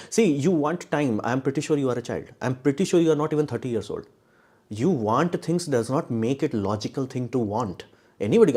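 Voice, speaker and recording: His mid-range, mellow voice carries casual live-stream commentary that's blunt and sarcastic. He rambles, restarts a lot, and ridicules opinions by quoting them in a put-on voice.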